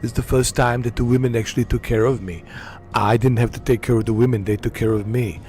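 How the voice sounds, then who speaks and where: A man's voice: mid-range voice, fairly even intonation, fast, a little mellow, a little hiss or hum, natural voice. A man doing an impression of a boastful, aging male action-star bodybuilder, in a rambling, self-mocking way. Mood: playful boasting.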